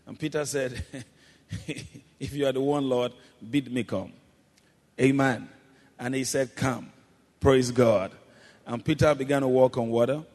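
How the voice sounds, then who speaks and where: Male pastor, mid-pitched voice, call-and-response sermon rising to shouts, long church-hall reverb. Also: fairly even intonation, measured pace, pauses often. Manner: calls congregation to repeat after him, rising to shouts.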